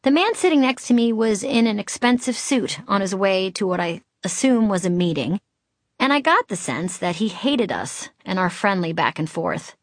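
A woman's voice: medium pitch, lively intonation, moderate pace, no room sound. Brief: middle-aged woman from Boston, audiobook memoir, wry and candid, dry close-miked sound. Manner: wry, candid, comic timing. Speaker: author narrating her memoir.

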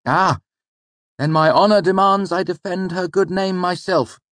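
A quick, clever young student in a storybook reading, voiced by a male narrator. The voice is pitched well up from the narration and sounds earnest with a cheeky edge, in a dry booth. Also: a bit bright, no room sound. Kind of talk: audiobook character voice.

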